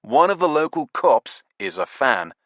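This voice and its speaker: A man's voice: fairly high pitch, very animated, a little slow, no room sound, pitched above the performer's own voice. A man putting on a brash, boastful TV presenter. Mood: gossipy. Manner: loud, pushy, slangy, laughs at own jokes. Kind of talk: audiobook character voice.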